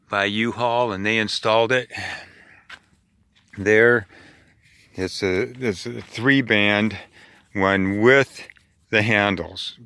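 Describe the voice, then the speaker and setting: A man speaks slowly and at ease in a clear, bright voice, set a little low, as he walks a handheld camera around his outdoor camp by a river. His talk rambles and is full of fillers and restarts. The sound is dry and close. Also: no echo. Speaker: van-life vlogger. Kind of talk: casual vlog walkthrough.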